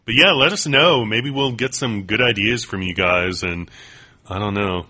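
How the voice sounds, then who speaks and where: A man co-hosting a podcast in casual chat, an excitable storyteller who piles up fillers and restarts. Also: on the low side, normal speed. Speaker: podcast co-host.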